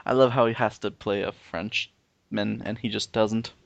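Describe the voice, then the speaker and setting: A man's voice: lowish voice, fairly even intonation, a little slow, creaky, muffled recording. A man co-hosting a podcast in casual chat, teasing and laid-back. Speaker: podcast co-host.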